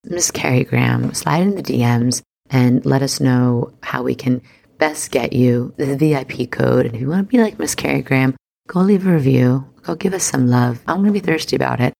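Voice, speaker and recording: Bubbly woman podcaster with vocal fry. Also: a bass voice, normal speed, a little mellow. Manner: bubbly, slangy, chatty. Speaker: astrology podcast host. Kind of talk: casual solo podcast monologue.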